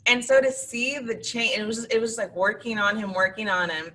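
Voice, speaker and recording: Picked up on a distant mic with faint background noise, a woman teacher tells chatty classroom stories as an interview-show guest, playing the parts of her students. She speaks at normal speed in a slightly high, pushed, bright voice with fairly even intonation.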